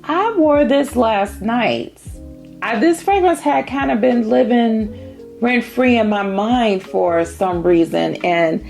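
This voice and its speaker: A middle-aged woman from Indiana chatting casually about perfumes on her vlog, savoring each scent in drawn-out phrases. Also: fairly high pitch, creaky, darkish tone, faint music behind. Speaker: fragrance vlogger.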